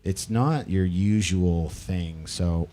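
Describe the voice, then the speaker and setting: A man's voice: low voice, slow, warm tone. A male live-looping musician walking through his gear in a loose, self-correcting way while he plays. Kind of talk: casual gear demo. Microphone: vocal stage mic.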